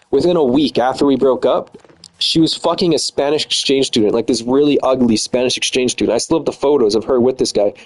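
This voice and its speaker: A man's voice: mid-range voice, low-quality recording. A man in his twenties ranting angrily and profanely in a casual, bitter way. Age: 20s. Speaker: streamer. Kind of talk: angry casual rant.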